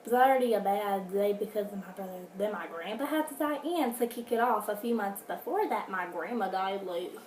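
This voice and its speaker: A woman's voice: mid-range voice, lively intonation, fairly quick, hardly any pauses. A woman telling a casual storytime vlog at home, chatty with dramatic asides. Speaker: vlogger. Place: home indoors, furnace running. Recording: roomy, distant from mic, faint noise.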